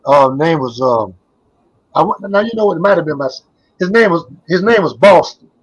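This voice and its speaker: Fairly high-pitched and brisk with lively intonation and slight roughness, this older former basketball player tells stories in a casual interview over lo-fi sound. He rambles, repeats phrases, and trails off.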